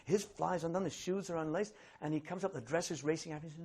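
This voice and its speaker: A middle-aged man, an actor, telling an animated story to an audience and acting out the voices of the people in it. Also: on the high side, fast talker, slightly rough. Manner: animated, acts out voices of others in his stories.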